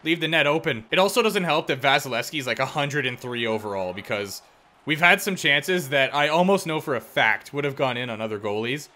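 A young man commentating his own hockey video game play, excitable and self-deprecating, yelling at big plays. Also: mid-range voice, fairly quick. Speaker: gaming YouTuber. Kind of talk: live gameplay commentary.

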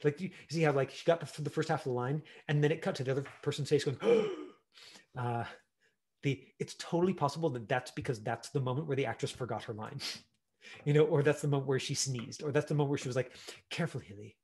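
A man teaching an online acting class, chatty and animated, full of fillers and acted-out examples. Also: medium pitch, fast. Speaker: acting coach.

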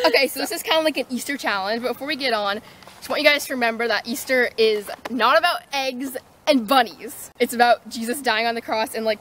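A young woman hosting a casual challenge vlog, excitable and prone to squeals and shouts, in a noisy home recording. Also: high-pitched. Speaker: vlog host.

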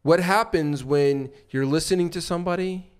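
A man's voice: on the high side, normal speed, clear, resonant tone. A man co-hosting a podcast, explaining sales techniques in loose casual talk full of fillers and restarts, often acting out short examples. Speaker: podcast co-host and sales coach.

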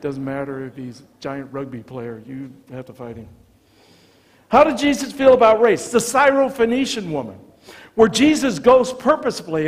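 American pastor preaching in a reverberant church. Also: male voice, sits high. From United States. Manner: animated storytelling, acts out dialogue. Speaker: visiting pastor. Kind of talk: sermon. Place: church sanctuary.

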